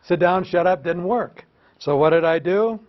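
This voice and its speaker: An older American man, once a teacher, tells self-mocking, humorous stories to an audience and asks them questions. His voice is high-pitched at a normal speed, and the audio sounds dull.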